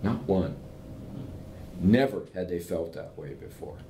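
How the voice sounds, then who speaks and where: A man, an invited professor, telling stories in conversation and checking in with his listeners as he goes. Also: measured pace. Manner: animated anecdotes, keeps checking in with "okay?". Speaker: invited professor speaking with entrepreneurs. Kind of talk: conversational storytelling. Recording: roomy echo with faint rumble.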